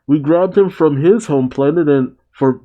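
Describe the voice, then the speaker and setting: A man's voice: on the high side, a little slow, narrow, tinny audio, close to an everyday voice. Goku, an easygoing hungry fighter, read by a man. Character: cheerful, hungry male martial artist hero.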